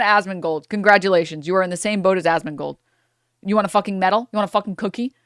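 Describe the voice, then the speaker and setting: A woman's voice: medium pitch, fast, a bit bright, no echo, clean studio sound. A young woman streamer ranting angrily in a profane reaction commentary, breaking into laughter between outbursts.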